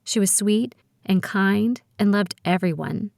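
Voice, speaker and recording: A woman's voice: medium pitch, measured pace, creaky, darkish tone. Woman narrating a teen thriller audiobook. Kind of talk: first-person scripted narration.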